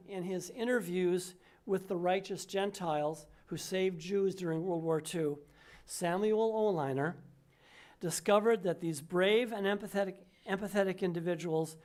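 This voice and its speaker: An older woman minister delivering a sermon, measured and emphatic, slowing down on key words. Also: fairly low pitch.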